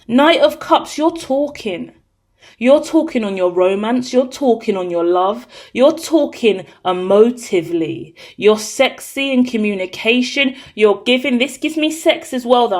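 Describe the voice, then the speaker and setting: A woman giving a collective tarot reading, talking in an excitable, rambling, cheeky way. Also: fairly high pitch. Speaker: tarot reader.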